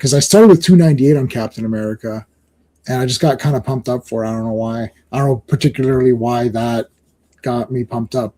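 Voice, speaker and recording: A man's voice: medium pitch, warm tone. A middle-aged man from Canada hosting a live stream, chatting casually and rambling with many restarts. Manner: rambling, self-interrupting, chuckling. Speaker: stream host.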